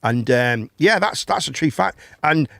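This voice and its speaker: A man's voice: a little high, lively intonation, a little slow, gravelly, pushed and bright, no room sound, studio quality. A man, hosting a casual chat and telling a long story, rambling, swearing and repeating words. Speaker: host.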